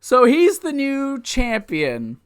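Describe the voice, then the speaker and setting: Excitable man recapping old wrestling. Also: very high-pitched, slow, smooth. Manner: excitable, laughs often, rambling asides. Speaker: wrestling show reviewer. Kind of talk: casual recap commentary.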